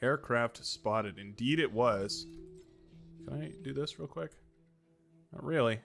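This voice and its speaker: A man's voice: medium pitch, lively intonation, unhurried, gravelly, soft background music. A man streaming a strategy game, chatting casually and rambling into joking asides while he plays. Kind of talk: casual gameplay commentary.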